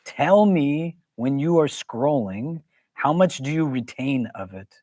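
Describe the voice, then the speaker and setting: Imam teaching a class conversationally. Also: male voice, fairly high pitch, animated, takes it slowly, a little mellow, dry recording. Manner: conversational, questioning the audience. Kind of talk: interactive religious lesson.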